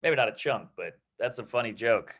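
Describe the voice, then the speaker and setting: A man coaching comedy, riffing loosely on joke ideas and acting out quick bits of dialogue. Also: mid-range voice, expressive, fairly bright tone. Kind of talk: casual joke workshopping.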